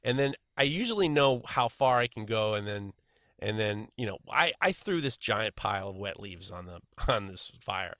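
A middle-aged man telling a long story in casual chat, animated and rambling, often stammering and restarting his sentences. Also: lowish voice, normal speed, no echo, studio quality.

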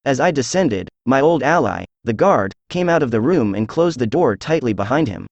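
A computer-generated man reads a classic story aloud in a steady, even voice. His pitch sits in the middle range, and the sound is close and dry with no room around it. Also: moderate pace, no room sound, muffled recording. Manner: even, steady synthetic reading. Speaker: audiobook narrator. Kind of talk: scripted narration.

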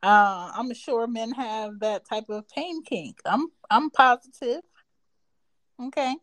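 A woman's voice: on the high side, takes it slowly, fairly bright tone, no echo. A woman co-hosting a late-night podcast, talking in a brash, profane and teasing way. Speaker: podcast co-host. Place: home desk.

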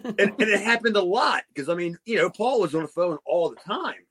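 A man's voice: high-pitched, expressive, brisk, a bit bright, a little hiss or hum. A man co-hosting a casual chat show, telling stories, laughing and cursing freely. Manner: storytelling, swears freely, laughs often. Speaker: podcast co-host.

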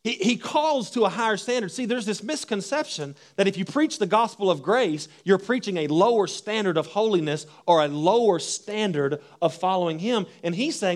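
Higher-pitched man preaching a sermon. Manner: animated preaching with repeated words and restarts; slow deliberate scripture reading. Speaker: pastor.

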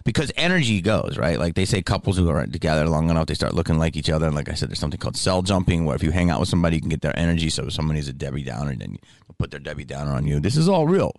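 A middle-aged man hosting a podcast, telling rambling, animated stories in casual chat. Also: very deep voice, very fast, creaky, few pauses, dry recording, studio quality. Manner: rambling, animated, lots of fillers. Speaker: podcast host.

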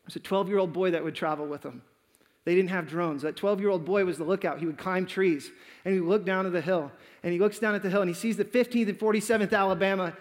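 A high-voiced man preaches a sermon, with a long reverb tail behind his words. He tells a story dramatically, acting out each quoted line.

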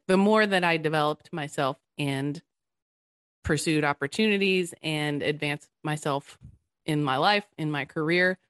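A woman's voice: sits low, a bit bright, no room sound. A woman in her thirties, a podcast guest talking earnestly and animatedly, laughing easily. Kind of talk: casual conversation.

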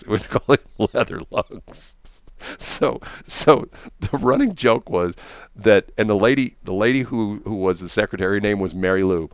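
Man, host, casual storytelling, rambling, laughs a lot, low voice, dry close sound. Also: expressive, normal speed, dry recording. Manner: rambling, laughs often, many restarts.

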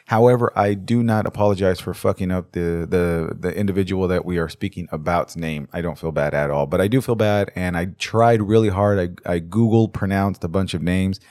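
A man's voice: low-pitched, a little fast, hardly any pauses, darkish tone, no echo. Rambling, profane podcast host man. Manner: rambling, profane, stammers and restarts. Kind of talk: casual true-crime podcast chat.

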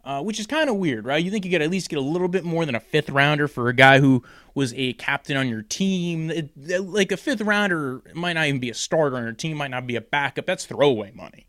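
A man's voice: on the high side, expressive, fast, a bit bright, no room sound, studio quality. A young man hosting a casual fantasy football talk show, rambling and jokey with lots of fillers and tangents. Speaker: sports podcast host.

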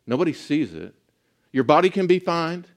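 Man, pastor, sermon, earnest, emphatic, slow stresses, soft drops. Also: a little high, sing-song.

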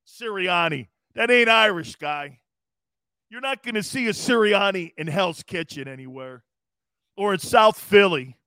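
A man's voice: high-pitched, animated, a little slow, sharp tone, dry recording. A man hosting a sports talk show, riffing casually, reading comments aloud and laughing often. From East Coast US. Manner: brash, jokey, reads chat comments aloud and laughs often.

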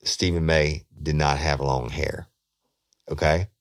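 A middle-aged man tells a story, his voice sitting extremely low with a rough, gravelly edge. He talks bluntly and swears freely, like a former investigator recounting a case. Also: fairly even intonation, slow pace. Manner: blunt, profane. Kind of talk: casual storytelling.

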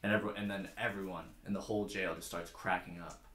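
A man's voice: sits low, fairly even intonation, fast, a bit bright, a little hiss or hum. A young man hosting a podcast, chatting casually and telling a long joke in a loose, swearing way. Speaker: podcast host. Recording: echoey room.

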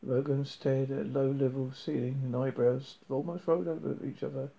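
A man reading a novel aloud, halting, with frequent slips and restarts. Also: medium pitch, steady tone, creaky, warm tone. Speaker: reader. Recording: dull lo-fi recording.

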